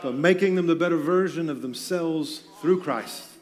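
High-voiced male pastor, conversational. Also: moderate pace, a little mellow. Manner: conversational, joking asides. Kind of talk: sermon. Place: church auditorium on stage.

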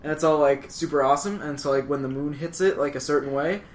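A man's voice: a little high, fast, a little hiss or hum. A man from Canada co-hosting a podcast, joking sarcastically in casual chat with friends. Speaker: podcast co-host.

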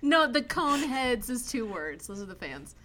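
A woman co-hosting a movie podcast in easy, chatty talk, often drifting into side stories. Her voice is on the higher side and bright, and her pitch moves about with animation. She laughs easily as she goes. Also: sing-song, normal speed. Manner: chatty, wandering into tangents with laughs. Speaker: podcast co-host. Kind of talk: casual movie review chat.

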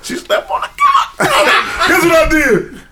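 A man telling a story to friends in casual chat, animated and laughing, acting out quotes. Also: very high voice, measured pace. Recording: noisy room recording.

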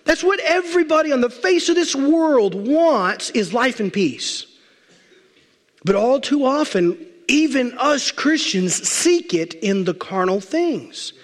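A male pastor preaching a sermon, emphatic, stacking repeated phrases and slowing down to stress key words. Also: very high voice, very animated. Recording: long reverb of a large hall.

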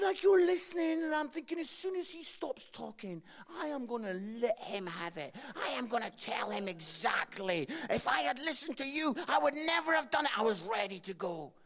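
A male pastor, telling a story in a lively, dramatic way that swings between loud and hushed. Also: very high voice, normal speed, vocal fry, hardly any pauses. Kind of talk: animated storytelling.

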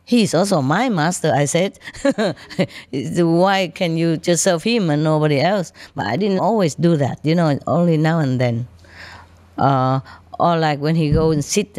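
Low, chatty woman teacher, storytelling to disciples, dry close sound. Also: darkish tone, no room sound. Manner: chatty, laughs often, shows things with her hands. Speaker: spiritual teacher. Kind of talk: casual storytelling talk to disciples.

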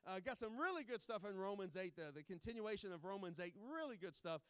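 A pastor giving informal, joking remarks before a sermon, rambling with many restarts. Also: male voice, high voice, expressive, fast talker, a bit bright, clean tone, no room sound.

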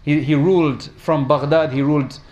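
A man's voice: on the high side, steady tone, normal speed, darkish tone, muffled recording. A man preaching a sermon, telling stories and asking his listeners questions. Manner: storytelling, addresses audience with questions.

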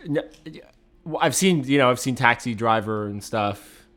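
A man's voice: medium pitch, lively intonation, normal speed, a bit bright. A man co-hosting a comedy podcast, going along with an absurd story and agreeing often. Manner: plays along eagerly, lots of yeahs. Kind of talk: improvised comedic banter.

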